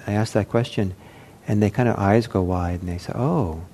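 A man with a lowish, mellow voice gives an unhurried meditation talk. He talks in a gentle, reflective way, pausing often and restarting his sentences. A faint hiss sits underneath him. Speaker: meditation teacher. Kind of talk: unscripted dharma talk.

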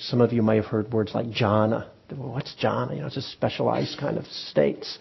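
Male meditation teacher, husky mid-pitched voice, dull lo-fi recording, casual dharma talk. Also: normal speed. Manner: relaxed, conversational, frequent ums and restarts. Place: meditation hall with audience.

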